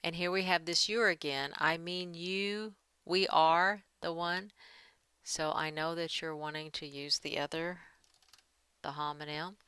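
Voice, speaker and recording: Low-voiced woman teaching writing edits. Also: bright, forceful tone, smooth, dry recording. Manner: talks through edits while working, reads draft passages aloud. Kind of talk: screen-share editing lesson.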